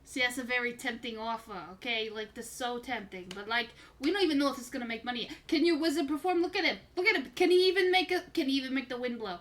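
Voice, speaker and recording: A woman voicing a fast-talking male hustler who pitches schemes like a carnival barker, with a bright, high voice over an online call. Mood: wheedling salesman. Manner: carnival-barker sales pitch, repeats "okay?" and "listen".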